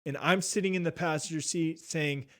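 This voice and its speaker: A young man casually telling a travel story, animated and swearing often, acting out what people said. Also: on the high side, moderate pace. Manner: animated, swears a lot, acts out quotes. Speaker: podcast guest.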